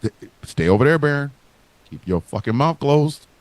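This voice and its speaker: A man's voice: medium pitch, expressive, moderate pace, dry recording. A man hosting a live podcast, ranting and taunting in a profane, comedic trash-talk. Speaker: podcast host.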